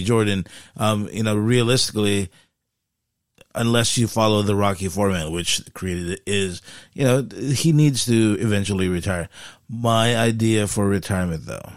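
A man co-hosting a podcast in casual chat, halting and full of fillers, laughing often. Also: lowish voice, no echo, clean studio sound. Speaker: podcast co-host.

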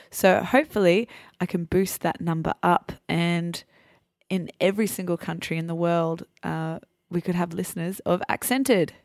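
Aussie woman hosting a learner podcast, slow careful explaining, dry close mic. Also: on the low side, no echo. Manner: slow, clear teacherly explaining. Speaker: podcast host.

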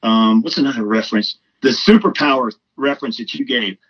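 A man's voice: medium pitch, fairly quick. Man, podcast guest, effusive, rambling, dull lo-fi audio. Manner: effusive, rambling with many fillers. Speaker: comedian. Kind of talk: casual chat.

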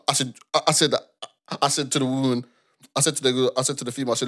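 A young man chats on a podcast. He tells the story in an animated way, acts out what people said, and repeats his words as he goes. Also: mid-range voice, fast. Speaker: podcast co-host. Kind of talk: casual chat.

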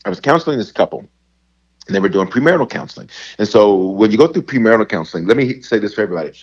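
A man, a bishop and pastor, talking about love in a lively, preacherly way with playful asides. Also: lowish voice, racing, slightly rough, muffled recording. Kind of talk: preaching in casual conversation.

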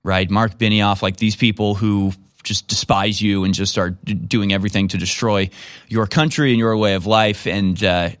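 A man's voice: lowish voice, steady tone, moderate pace, fairly bright tone, no room sound, clean studio sound. A man giving casual, sarcastic political commentary, rambling and repeating himself as he reacts to a replayed clip.

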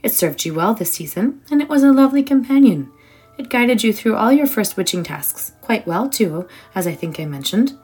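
A woman voicing a gentle, motherly old female witch who soothes a child in a soft voice. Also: on the high side, expressive, moderate pace, slightly rough, faint music behind, pitched above the performer's own voice. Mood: soothing. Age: older.

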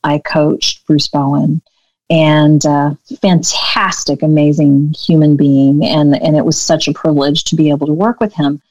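A woman business coach telling a story in a podcast interview, animated and acting out the dialogue. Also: low-pitched, unhurried, no echo, low-quality recording.

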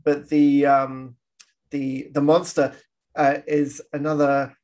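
With a fairly high, slightly mellow voice, this co-host talks slowly and flatly in a relaxed podcast conversation about old films. He laughs frequently and dramatizes quoted lines.

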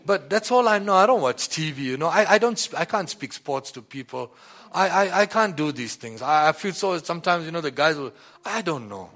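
A man giving a personal testimony in a rambling, halting way, often repeating "you know" and "like that.". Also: a little high, animated, a bit bright. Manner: halting, many restarts and fillers. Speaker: church member giving testimony.

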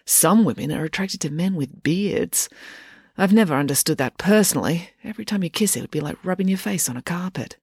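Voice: mid-range voice, a little fast, creaky, husky, dry recording, clean studio sound. Narrator doing a smug, scheming schoolgirl. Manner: calm, smug, unruffled. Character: cool scheming precocious schoolgirl. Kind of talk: audiobook character voice.

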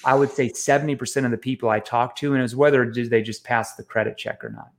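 A man as an interview guest, telling lively, self-mocking sales stories with frequent restarts. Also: mid-range voice, fast. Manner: animated, self-mocking anecdotes with many restarts. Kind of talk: storytelling in a casual interview.

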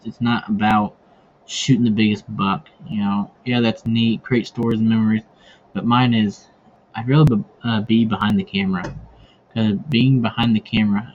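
Man, low voice, rambling casual storytelling, lots of fillers, dull lo-fi recording, faint background hiss. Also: a little mellow. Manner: rambling, many fillers and restarts. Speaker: podcast host.

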